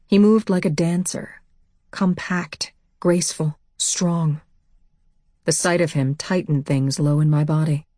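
A woman's voice: fairly low pitch, dark tone, dry recording, clean studio sound. A woman reading a first-person novel aloud as audiobook narrator, with an intense delivery.

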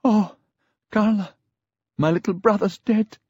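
A man doing a sobbing young woman, high and tearful. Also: brisk, slightly rough, no room sound, muffled recording, lightly acted. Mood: distraught. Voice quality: tearful, breathless.

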